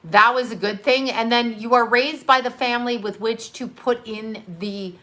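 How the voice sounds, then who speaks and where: A woman with a bright, forceful voice hosts a casual livestream. She speaks as a psychic medium and answers her chat in a blunt, loose way. She swears freely and laughs often as she talks. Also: on the high side, normal speed. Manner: talks straight to her chat, reads out comments and riffs. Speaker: psychic medium answering live viewer questions.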